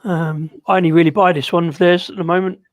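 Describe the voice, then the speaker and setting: Middle-aged guy, high voice, easygoing, halting chat. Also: level tone. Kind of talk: casual chat.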